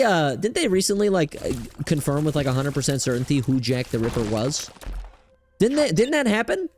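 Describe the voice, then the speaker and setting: A young man giving casual gameplay commentary as a streamer, rambling and excitable with lots of fillers. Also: a little high. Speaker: gaming streamer.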